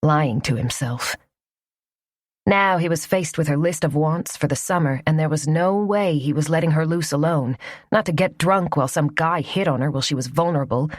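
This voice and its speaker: A woman narrating a romance audiobook in a soft, even storytelling voice. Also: deep voice, no echo, clean studio sound.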